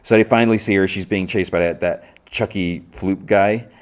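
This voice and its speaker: A man with a somewhat low voice talks through a TV episode in casual podcast style. He trips over his words, restarts, and questions his own memory as he goes. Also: fairly even intonation, moderate pace. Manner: rambling, stumbling restarts and self-questioning. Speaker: podcast host.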